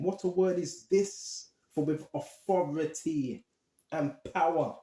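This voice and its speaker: A man's voice: on the high side, mellow, roomy sound. A man teaching from the Bible in a casual, conversational way, reading verses and often checking in with "right?". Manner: conversational, street slang, keeps asking "right?". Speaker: preacher.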